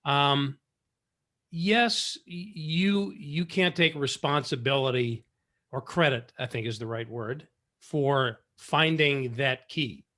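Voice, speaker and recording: A man hosting a podcast, speaking in a measured, thoughtful way and choosing his words carefully. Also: mid-range voice, fairly bright tone. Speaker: podcast host. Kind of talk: interview conversation.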